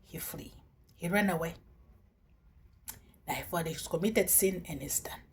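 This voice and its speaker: A woman preacher retelling a scripture story in a sermon, animated, dropping into whispers and bursting into exclamations. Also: on the low side, normal speed, pauses often, slight background noise.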